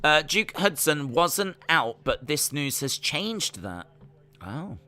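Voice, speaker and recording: A man's voice: a little high, very animated, slow, bright, forceful tone. A man hosting a live stream, chatting casually and calling the action play by play with plenty of fillers. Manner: chatty, rambling, trails off with fillers.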